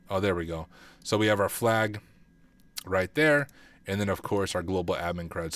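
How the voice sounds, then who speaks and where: Male streamer, lowish voice, mutters and thinks aloud through a live lab, keyboard clatter behind. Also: dry recording. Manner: thinks aloud, self-deprecating, mutters while typing. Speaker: cybersecurity streamer. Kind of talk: casual livestream walkthrough.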